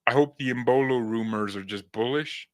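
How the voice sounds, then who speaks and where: A man's voice: mid-range voice, moderate pace. A young man hosting a fan channel, chatting casually with viewers, rambling and restarting his words while talking through recent dental work. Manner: rambling, repeats words and restarts, laughs at himself.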